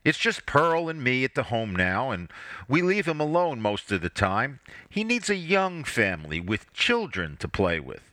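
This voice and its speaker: A man voicing an older man who gently and regretfully gives up his dog, in a story reading. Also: medium pitch, big pitch swings, normal speed, dry recording.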